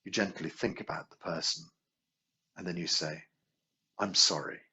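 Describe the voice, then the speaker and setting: A man teaching a healing class in a relaxed, anecdotal way, asking rhetorical questions as he goes. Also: normal speed, husky. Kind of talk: conversational teaching talk. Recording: dull low-quality video sound.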